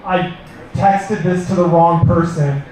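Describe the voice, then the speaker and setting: A man's voice: on the high side, takes it slowly, a little hiss or hum. A man telling a story in a stand-up set, acting out his own panicked lines. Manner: animated, acts out panicked quotes. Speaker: stand-up comedian. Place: comedy club stage. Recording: echoey club from far off, audience.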